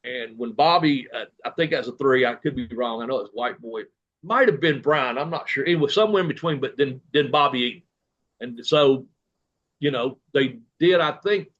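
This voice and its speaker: A man tells long, loose anecdotes, acting out what others said, with plenty of "uh" and "you know." His voice sits at an ordinary middle pitch. The recording sounds slightly muffled and lo-fi. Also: a bit bright. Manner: rambling anecdotes with quoted dialogue and fillers. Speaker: guest, retired professional wrestler. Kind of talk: casual storytelling interview.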